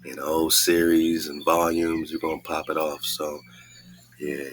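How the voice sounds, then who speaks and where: A man's voice: a bass voice, level tone, normal speed, fairly bright tone. A man hosting a casual podcast, reading scripture aloud and commenting in a laid-back way with frequent laughs. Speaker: podcast host.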